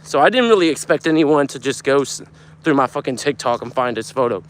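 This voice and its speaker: A young man chatting on a casual live stream, reading out viewer comments and telling stories in an animated, foul-mouthed way. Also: medium pitch, brisk. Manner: animated storyteller, swears a lot, gets loud when telling a story. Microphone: phone camera.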